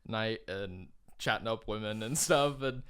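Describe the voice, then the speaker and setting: A man co-hosts a podcast in a loose, casual chat, rambling through his thoughts with plenty of fillers and frequent laughs. His voice sits on the low side and sounds smooth and resonant. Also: a little slow, a bit bright. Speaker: podcast co-host.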